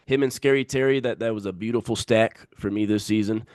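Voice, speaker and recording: A man's voice: lowish voice, steady tone, fairly quick, darkish tone, smooth, no echo, clean studio sound. A man co-hosting a sports podcast in casual banter, emphatic and repeating his picks for effect.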